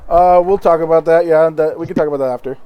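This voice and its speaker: A man's voice: fairly high pitch, steady tone, quick pace, smooth, no echo, lo-fi sound. A man narrating as game master, laughing often and slipping into voices for tavern folk.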